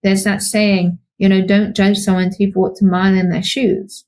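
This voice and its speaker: A woman's voice: medium pitch, moderate pace. A young woman co-hosting a podcast, speaking conversationally and animatedly, often acting out the voices of people in her stories. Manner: animated storytelling, acts out quoted voices. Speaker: podcast co-host, psychologist.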